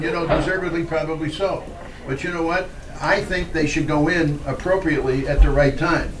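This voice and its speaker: A man's voice: mid-range voice, far from the mic. Older man telling stories, noisy room. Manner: rambling anecdotes with restarts and fillers. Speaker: former pitcher, guest speaker. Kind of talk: storytelling at a live Q&A. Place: restaurant event room. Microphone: handheld mic.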